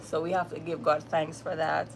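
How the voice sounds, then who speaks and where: Slow, chatty Jamaican woman hosting a livestream. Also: deep voice, creaky, noisy background. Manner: greets viewers by name, chatty and upbeat. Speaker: livestream host. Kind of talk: casual livestream chat.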